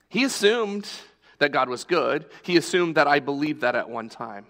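A man's voice: on the high side, big pitch swings, unhurried, gravelly, fairly bright tone, long reverb tail. A male pastor preaching a sermon, telling a personal story in a conversational storytelling way.

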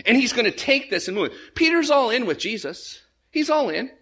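High, bright-voiced preaching man. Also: brisk, breathy edge. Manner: animated, repeats words when starting sentences. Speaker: pastor. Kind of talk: sermon.

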